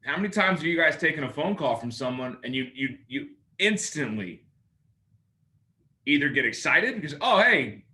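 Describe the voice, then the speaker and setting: A male sales coach talks his class through phone habits in a bright, forceful voice. He is lively and playful, and he acts out both sides of the calls he describes. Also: fairly high pitch, moderate pace.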